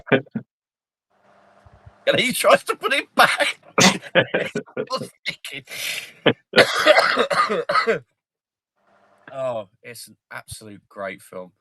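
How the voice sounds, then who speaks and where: A man hosting a casual livestream, joking, swearing and excitedly retelling film scenes. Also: on the high side, extremely slow, pauses often, a little hiss or hum. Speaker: livestream host.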